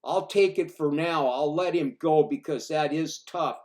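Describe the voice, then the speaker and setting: A man voicing a huge young farm-boy cowboy in a bar who grudgingly backs down, gruff and loud. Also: on the high side, measured pace, natural voice.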